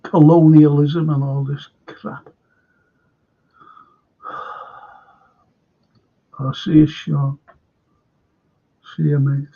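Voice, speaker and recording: Gravelly Liverpool man chatting on a stream. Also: fairly high pitch, level tone, drawn-out words, pauses often. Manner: rambling anecdotes with repeated restarts. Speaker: host of a live fan stream. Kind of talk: casual chat reading viewer comments. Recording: dull lo-fi stream audio.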